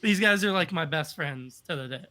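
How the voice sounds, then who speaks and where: A man from the United States, guesting on a podcast, talks briskly in a fairly high, animated voice that sounds pushed and bright. He rambles through casual, upbeat stories packed with fillers.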